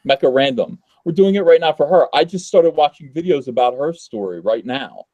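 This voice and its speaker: A man's voice: fairly high pitch, animated, a little fast, a little mellow, no echo, dull audio. A man talking as a guest on a casual livestream, earnest and emphatic, with hesitant fillers.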